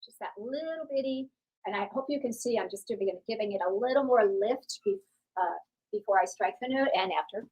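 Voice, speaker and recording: A woman's voice: fairly high pitch, fairly quick, slightly rough, dull audio. A woman giving an online percussion clinic, chatty and reassuring, with many fillers and restarts. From Texas. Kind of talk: online masterclass talk.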